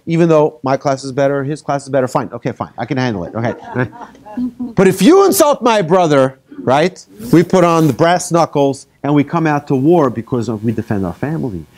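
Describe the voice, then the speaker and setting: A rabbi giving a lively talk to an audience, telling made-up stories and asking the listeners questions. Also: male voice, medium pitch. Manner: animated, asks the audience questions, tells hypothetical stories. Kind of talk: lively lecture to a live audience.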